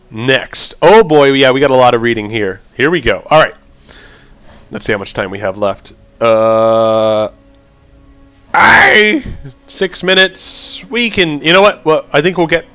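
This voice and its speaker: A man hosting a let's play, with a lively voice that moves up and down a lot. He reads game text aloud, trips over strange words and thinks out loud between choices. The recording is dry and close, with no room sound. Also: medium pitch, moderate pace, no echo, faint music behind. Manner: thinks aloud, stumbles over odd words while reading. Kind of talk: casual gameplay commentary and reading game text aloud.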